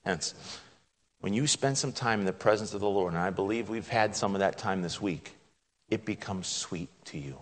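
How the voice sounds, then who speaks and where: Dramatic preacher in a reverberant hall. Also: male voice, normal speed. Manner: dramatic, acts out God's lines with rising pitch and volume; drops to a hushed, soft tone at solemn points. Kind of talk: sermon.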